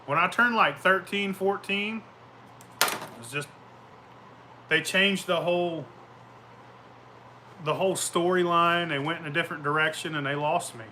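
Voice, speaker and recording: A man's voice: a little high, measured pace, pauses often, bright, forceful tone, slight background noise. A man hosting a show, telling rambling stories in a profane, boisterous way and laughing often. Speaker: show host. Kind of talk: casual rambling storytelling.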